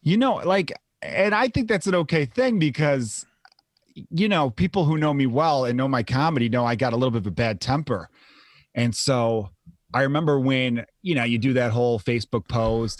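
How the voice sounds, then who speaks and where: A man's voice: medium pitch, normal speed, no room sound, studio quality. A comedian in his thirties, telling rambling stories in a casual podcast chat and swearing freely. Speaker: comedian guest. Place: home.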